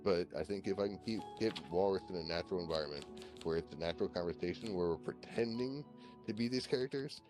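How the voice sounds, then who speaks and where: Speaking quickly over music, a low-voiced Virginia man chats on a voice call. He wanders from point to point, swears, and fills gaps with "you know" and "like."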